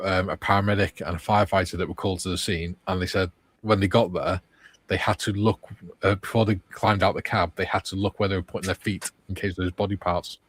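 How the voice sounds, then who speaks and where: A man's voice: deep voice, husky, dry recording. A man hosting a casual livestream, reading viewer comments aloud and chatting. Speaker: livestream host reading chat.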